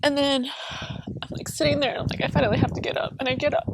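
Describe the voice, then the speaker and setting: A woman's voice: high voice, fairly even intonation, quick pace, gravelly. A young woman vlogger telling viewers a painful personal story in a candid, chatty way, full of fillers. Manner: candid, talks straight to viewers, many fillers. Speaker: family vlogger.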